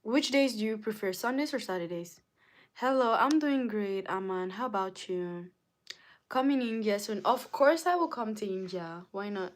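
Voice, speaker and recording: A woman's voice: mid-range voice, expressive, normal speed. A young woman from Africa chatting casually on a livestream, reading viewer comments aloud and answering them, with lots of "like". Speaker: livestream host.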